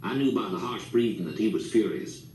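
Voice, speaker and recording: A man's voice: on the low side, a little fast, darkish tone. A man reading an audiobook, telling the story plainly. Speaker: audiobook narrator. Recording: echoey room, distant mic, faint hiss.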